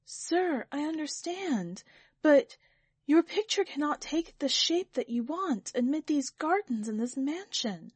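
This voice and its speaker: A woman's voice: sits high, slow pace, few pauses, mellow, no echo, pitched above the performer's own voice. A woman reading a story aloud, voicing a frail old male painter who speaks in a raised, tremulous voice. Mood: timid. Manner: tremulous, timid.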